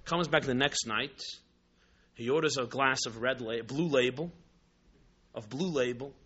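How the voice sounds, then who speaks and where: A man teaching a religious class with lively, emphatic storytelling and rhetorical repetition. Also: medium pitch, measured pace, husky. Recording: dull lo-fi recording.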